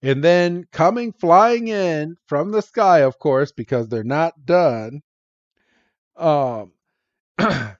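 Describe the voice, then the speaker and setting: A man co-hosting a podcast, recapping a cartoon episode with lots of laughter and excited, yelled character quotes. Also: fairly high pitch, slow pace, no echo, dull audio. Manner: animated, laughs often, jumps into excited character voices. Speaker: podcast co-host. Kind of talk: casual episode recap chat.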